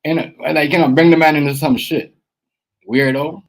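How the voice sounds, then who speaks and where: A man hosting a casual livestream, talking straight to his chat in a streetwise, animated way that repeats itself a lot. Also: on the high side, normal speed, rough recording. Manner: animated, repetitive, streetwise slang, addresses chat directly. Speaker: livestream host.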